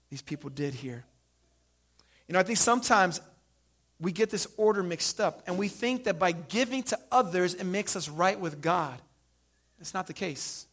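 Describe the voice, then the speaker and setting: A man preaching a sermon, casual and animated, telling stories and acting out the people in them. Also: high voice. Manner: casual, animated storytelling with acted asides. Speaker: pastor.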